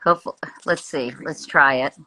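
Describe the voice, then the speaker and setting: A woman hosting a casual live-streamed interview, chatty and quick to apologize for interrupting. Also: low voice, steady tone, sharp tone, rough recording. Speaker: host. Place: home room with Christmas tree.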